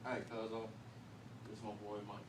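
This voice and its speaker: A smooth-talking male street recruiter voiced by a man murmurs in low, hushed tones, coaxing a boy along with easy friendliness and a firm edge. The voice sounds distant in an echoey room. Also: monotone, moderate pace, background noise, natural voice. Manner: friendly, coaxing, casually stern.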